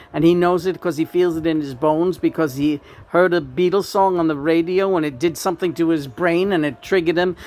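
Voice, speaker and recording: A woman, speaking in a low, natural voice, channels the spirit of a famous male rock star. She rants profanely and mockingly, with sudden loud outbursts.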